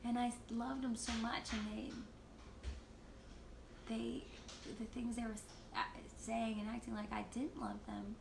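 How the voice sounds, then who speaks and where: A woman leading worship shares a personal testimony on a livestream in a candid, halting way, often breaking into laughs. Her voice sits a little high with a gravelly fry. She is heard in a roomy, echoing space with loud guitar playing behind her. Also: level tone, background noise. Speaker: worship leader. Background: guitar music.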